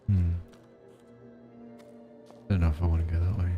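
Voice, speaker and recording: An Australian man chatting casually while streaming a game, reacting to viewers' messages with soft chuckles. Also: low voice, level tone, normal speed, highs cut off, over music. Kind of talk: casual gameplay commentary.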